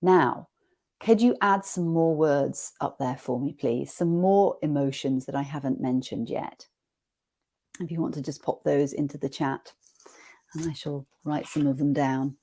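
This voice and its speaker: Low, mellow-voiced woman leading a training session. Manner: gentle, inviting, slows for guided reading. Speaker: teacher trainer leading a webinar. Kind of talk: guided classroom exercise.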